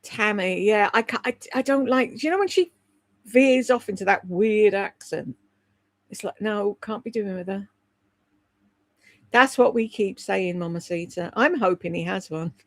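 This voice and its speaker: A woman's voice: medium pitch, normal speed, no room sound. A woman hosting a livestream, gossiping bluntly, swearing freely and answering viewers' comments by name. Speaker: livestream host. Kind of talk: casual gossip chat reading viewer comments.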